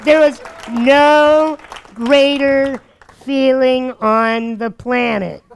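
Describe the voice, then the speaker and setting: A man giving dating advice through energetic, animated stories, acting out what people said and laughing often. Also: very high-pitched, very slow, vocal fry, some chatter behind, a little hiss or hum. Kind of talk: animated storytelling talk.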